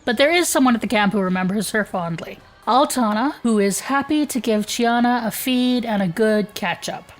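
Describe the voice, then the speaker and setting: A woman's voice: a little high, moderate pace, few pauses, faint music behind. Laughing woman podcast co-host. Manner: laughs often, lively. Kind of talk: casual chat and read episode summary.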